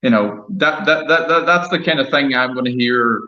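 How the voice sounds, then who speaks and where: A man from Donegal, a distiller, talking haltingly in a casual online chat and repeating words. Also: medium pitch, echoey room, dull audio. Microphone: online call.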